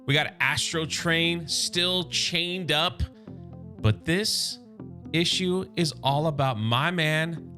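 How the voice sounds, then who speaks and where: A man hosting a casual comic book recap, chatty and animated, talking straight to his fans. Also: a little high.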